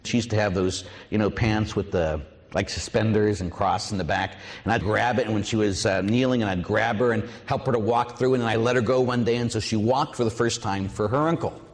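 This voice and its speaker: A middle-aged man, a priest, preaching a sermon with lively storytelling and acted-out voices. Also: on the low side, a little fast, in a large hall. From Pittsburgh, USA.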